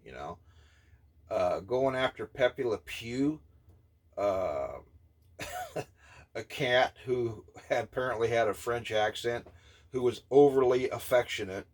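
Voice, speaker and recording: A man in his fifties giving an indignant, scornful opinion rant, blunt and halting, with many filler pauses. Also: mid-range voice, lively intonation, darkish tone. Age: 50s. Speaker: vlogger.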